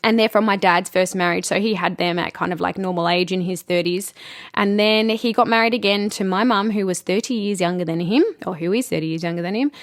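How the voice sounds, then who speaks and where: A woman speaking openly and earnestly in a personal podcast monologue as a spiritual host, with soft laughs and fillers. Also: medium pitch, brisk, no echo, clean studio sound.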